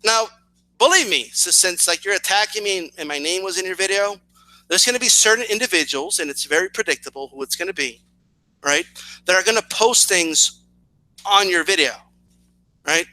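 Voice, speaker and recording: A man's voice: sits high, animated, normal speed, bright, forceful tone, poor audio. A man hosting a video channel, firing off a challenging response to a rival. He talks in a sarcastic, repetitive way, restarting phrases and asking "right?" again and again. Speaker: boxing commentary channel host.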